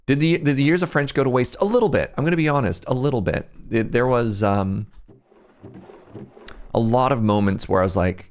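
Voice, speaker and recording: At a medium pitch and brisk pace, a young Canadian streamer chats and rambles while gaming. He laughs at himself a lot in this casual livestream.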